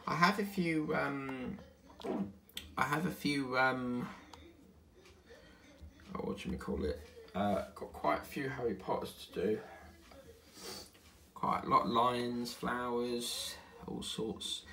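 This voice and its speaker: A man's voice: medium pitch, takes it slowly, gravelly, pauses often, fairly bright tone. A tired man chatting casually at home while he crafts, rambling between topics and humming to himself. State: tired, yawning. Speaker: diamond painting channel host.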